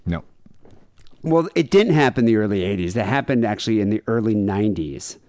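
A man's voice: on the low side, expressive, a little fast, darkish tone, dry recording. A man hosting a podcast, chatting casually and reading out case notes with wry, dry commentary. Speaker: podcast host.

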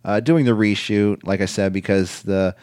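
A man's voice: on the low side, steady tone, moderate pace, darkish tone, dry recording, clean studio sound. A man co-hosting a casual chat, rambling with lots of fillers as he retells events. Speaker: podcast co-host.

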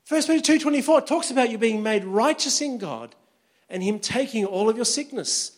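High-voiced pastor preaching. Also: male voice, lively intonation, moderate pace. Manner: conversational, storytelling with humor. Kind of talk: sermon.

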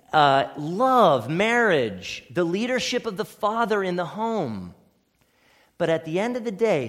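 A man pastor preaching a sermon emphatically, swinging between loud declarations and quiet asides. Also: high-pitched. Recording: long hall reverb.

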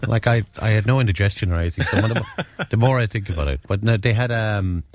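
A man's voice: lowish voice, expressive, fast, darkish tone, no room sound. Rambling Irish man telling a story. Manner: rambling, self-interrupting, laughs at his own stories. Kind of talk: casual storytelling chat.

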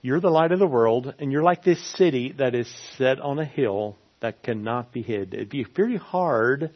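A man's voice: medium pitch, lively intonation, moderate pace. Earnest male preacher, slightly lo-fi. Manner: earnest, repeats phrases for emphasis. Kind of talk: sermon. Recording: slightly dull lo-fi sound.

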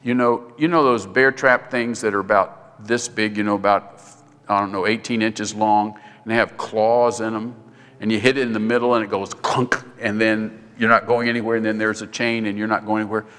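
Bright-voiced man preaching in a reverberant hall. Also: little pitch movement, brisk. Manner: conversational preaching, pitch jumps high for quoted voices. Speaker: pastor. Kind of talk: sermon.

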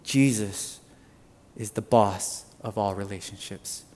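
A man's voice: fairly low pitch, slow pace, darkish tone. A male pastor preaching a sermon and repeating his key lines for emphasis. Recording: long reverb of a church hall.

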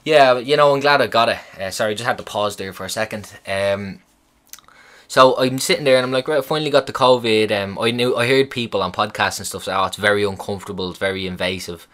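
A young man casually retelling a hospital visit, swearing and rambling, animated in the telling. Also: lowish voice, fast. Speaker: vlogger. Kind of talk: casual storytelling chat.

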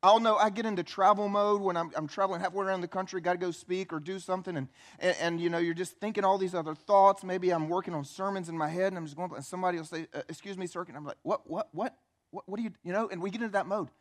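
With a high voice and a racing pace that leaves few pauses, this man preaches as a pastor. He tells the story conversationally and with animation, acting out the quotes and asking the audience questions.

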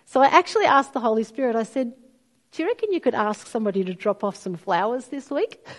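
A woman's voice: fairly high pitch, quick pace. A middle-aged woman, preaching a sermon and telling stories expressively. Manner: storytelling, expressive, acts out quoted voices.

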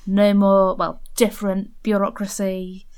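A woman's voice: medium pitch, monotone, a little slow, a little mellow, clear, resonant tone. A woman playing a tabletop game, joking and self-dramatising in character. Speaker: player.

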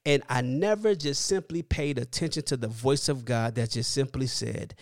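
A man's voice: mid-range voice, normal speed, hardly any pauses, a little mellow, dry recording, studio quality. A man who is a minister, giving a video devotional message in a testifying, preachy manner and often asking listeners if they hear him. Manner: preachy, testimonial, asks listeners "hear what I'm saying".

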